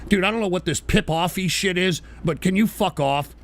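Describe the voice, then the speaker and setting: A man's voice: sits high, normal speed, heavy background noise. A man hosting a live political stream, talking in a heated, profane rant aimed at his chat viewers.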